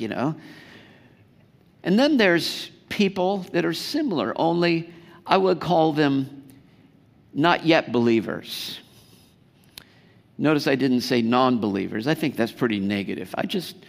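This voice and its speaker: Man, pastor, sermon, unhurried delivery, slightly high voice, conversational, echoing church hall. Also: gravelly, fairly bright tone. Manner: conversational, asks the congregation questions.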